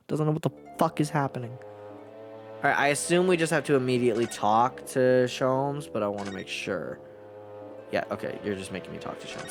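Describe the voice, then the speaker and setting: A man's voice: mid-range voice, expressive, normal speed, vocal fry, faint music behind. A man streaming a story game, chatting casually with crude jokes and lots of swearing. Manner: crude, joking, swears a lot.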